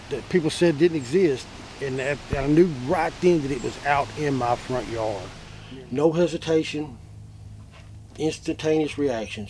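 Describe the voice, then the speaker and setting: Brief: male eyewitness, middle voice, emotional retelling with a faint background hum. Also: mid-range voice. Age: adult, a father. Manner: animated, repeats himself, swings from loud to hushed. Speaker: eyewitness interviewee. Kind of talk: emotional first-person retelling.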